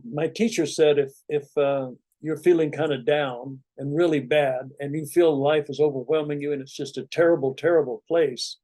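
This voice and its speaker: In a dry recording, a fairly high-pitched male voice delivers an easygoing spiritual talk to his meditation students. He speaks conversationally and rambles, sprinkling in plenty of asides.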